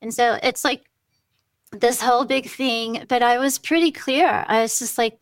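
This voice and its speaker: A woman's voice: a little high, unhurried, no echo. A middle-aged woman hosting a podcast, telling a personal family story in a candid, conversational way and acting out the dialogue. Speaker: podcast host.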